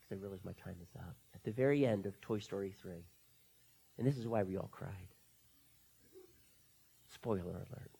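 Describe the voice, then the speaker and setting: A husky male pastor preaching a sermon in a church. His voice turns intimate and hushed, then jumps up loud and eager, with a slightly breathy edge throughout. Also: mid-range voice. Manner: swings between soft near-whispers and loud excited bursts. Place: church sanctuary.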